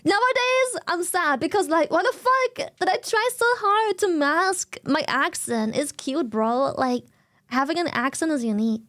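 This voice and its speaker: A woman with a German accent, a native German speaker chatting casually on stream in an animated, slangy way with plenty of swearing. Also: sits high, normal speed, dry recording.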